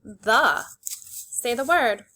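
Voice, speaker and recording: A woman teacher leading a phonics lesson for young children, slowly sounding out words and giving simple, encouraging instructions. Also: a little high, lively intonation, pushed and bright. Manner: slow, clearly segmented sounding-out of words.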